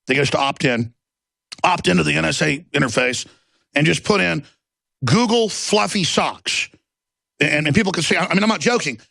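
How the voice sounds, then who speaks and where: A male talk show host delivering a loud, fervent, mocking rant. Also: a little high, normal speed, gravelly, long pauses, dry recording, clean studio sound. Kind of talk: ranting monologue.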